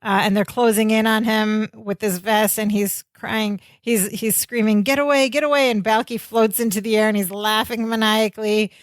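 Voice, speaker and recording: A woman's voice: mid-range voice, normal speed, hardly any pauses, dry recording. Woman cohost going through an old sitcom episode, chatty, dry no-room sound. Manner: animated scene-by-scene retelling. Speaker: podcast co-host. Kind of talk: casual chat.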